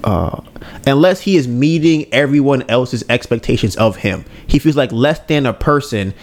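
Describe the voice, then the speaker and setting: A man chatting casually on a podcast, retelling a show scene by scene. He is an animated storyteller who slips into the characters' voices and checks in with his listeners as he goes. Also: medium pitch, normal speed. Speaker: podcast co-host. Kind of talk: casual chat retelling an anime.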